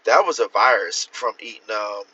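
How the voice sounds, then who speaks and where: Male livestream host, casual and profane, rambling; bright, forceful tone, muffled phone audio. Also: lowish voice, expressive, moderate pace, breathy edge. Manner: profane, rambling, talks straight to viewers; answers viewer comments. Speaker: author hosting a livestream.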